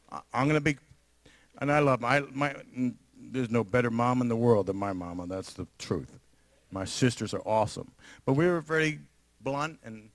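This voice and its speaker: A man with a New York area accent, preaching a sermon as pastor in an animated, emphatic way with frequent laughter. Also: medium pitch, no echo. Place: church sanctuary.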